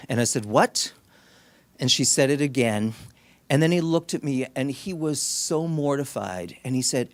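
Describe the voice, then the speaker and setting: A man's voice: medium pitch, no echo. Man, middle-aged, clinician giving an educational talk, conversational storyteller, frequent restarts, dry close sound. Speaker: speech-language clinician. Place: medical center auditorium.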